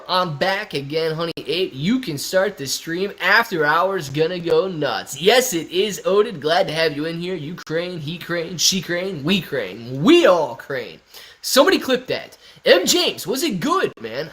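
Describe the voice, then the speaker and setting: A young man hosting a casual stock market live stream, reading viewer comments aloud and riffing on them in a chatty, excitable way. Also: a little high. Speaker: stock market livestream host.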